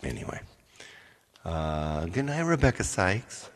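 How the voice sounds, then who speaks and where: A man's voice: low voice, very animated, takes it slowly, long reverb tail. A man hosting a live stream as its singer, chatting casually with viewers, thanking them by name and thinking aloud.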